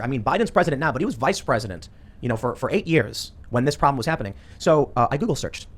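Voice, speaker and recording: A man's voice: mid-range voice, very animated, quick pace. A man co-hosting a casual politics chat, talking with hesitant fillers and restarts. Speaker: co-host.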